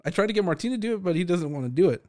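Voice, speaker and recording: Young male co-host, easygoing sidekick, a bit higher-pitched. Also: animated, very fast, darkish tone. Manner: laid-back, short reactions, laughing. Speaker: podcast co-host. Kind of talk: casual chat.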